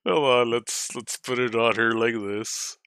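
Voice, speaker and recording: A man's voice: medium pitch, flat delivery, unhurried, fairly bright tone, clean tone, no echo, clean studio sound. A man playing a video game while giving playful casual commentary and laughing often. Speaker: let's play streamer.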